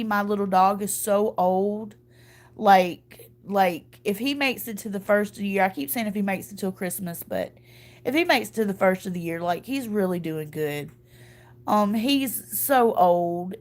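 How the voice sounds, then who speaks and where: A woman's voice: mid-range voice, darkish tone. Choked-up woman chatting. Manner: chatty, rambling, folksy. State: choked up from crying. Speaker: vlogger. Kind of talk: casual chat to viewers.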